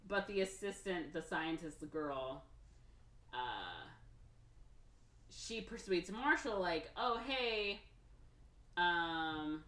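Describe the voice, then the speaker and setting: A woman's voice: on the low side, big pitch swings, takes it slowly, long pauses, a bit bright. A woman podcast co-host casually retelling a film plot in a rambling way, full of "like" and "or whatever" and acting out the characters' lines. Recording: roomy echo, mic off at a distance.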